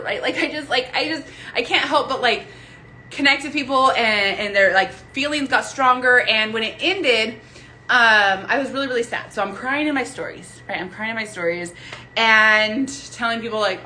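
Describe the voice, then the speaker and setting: A woman's voice: on the high side, sharp tone, slight background noise, poor audio. A young woman talking casually to her viewers on a live phone stream at home, chatty and rambling, with lots of fillers and restarts. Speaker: vlogger. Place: home room lit by a ring light.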